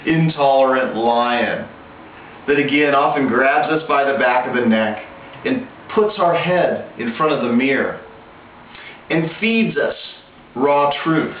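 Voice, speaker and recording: A man telling a spiritual parable in a slow, deliberate way with pauses and restarts, recorded through a tinny, echoey line from a distance. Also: mid-range voice, slight background noise. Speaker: spiritual storyteller. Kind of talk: told parable, spiritual teaching. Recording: tinny far-off echoey lo-fi with faint background.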